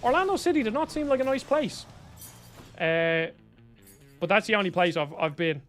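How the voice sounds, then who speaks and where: Young Irish man, streamer, high voice, rambling casual chat over faint music. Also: normal speed, fairly bright tone. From Ireland. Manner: chatty, rambling, answers viewers by name.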